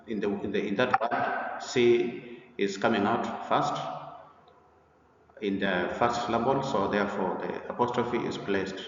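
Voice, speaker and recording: A man teaches a pronunciation lesson in a low voice, walking through examples deliberately with many hesitant pauses. He sounds far from the microphone in a big echoing room with a long reverb. The sound is dull and muffled, with faint ambient noise behind him. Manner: deliberate, repetitive explaining with frequent "uh" pauses. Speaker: English teacher. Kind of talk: slide-based pronunciation lesson.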